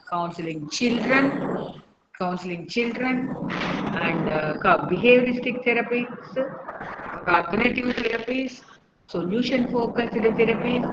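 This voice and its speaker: A woman's voice: on the high side, normal speed. Woman lecturing in echoey lo-fi audio. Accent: Indian English. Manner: explanatory, repeats key phrases, frequent uh fillers. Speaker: counselling lecturer. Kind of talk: online lecture. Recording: echoey, dull lo-fi online lecture audio with background noise.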